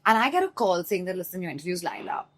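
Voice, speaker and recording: A woman's voice: fairly low pitch, big pitch swings, fast talker. A young woman, interviewing in a casual chat and telling stories animatedly, acting out her own reactions.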